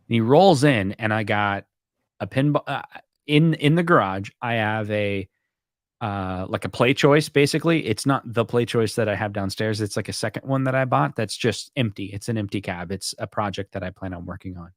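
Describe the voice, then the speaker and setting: Male host, low voice, dry close sound, casual rambling storyteller. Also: a little fast, no room sound. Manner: rambling storyteller, acts out quoted exchanges. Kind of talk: casual chat.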